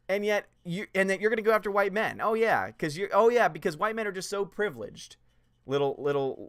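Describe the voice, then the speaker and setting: A male movie-channel host reads out chat comments and rants in an emphatic, sarcastic manner. His voice is bright, smooth and a little high. He is recorded close on a dry home mic. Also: no echo. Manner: emphatic, sarcastic, laughs often mid-sentence. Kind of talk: live-stream chat reading and rant.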